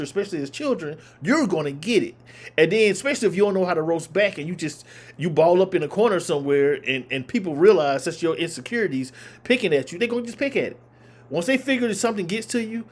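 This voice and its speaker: A man delivers heated reaction commentary. His voice sits fairly high and he drives each point home by saying it again. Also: lively intonation, quick pace. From Southern United States. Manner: emphatic, repeating points for force. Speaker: reaction video host. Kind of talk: opinionated commentary.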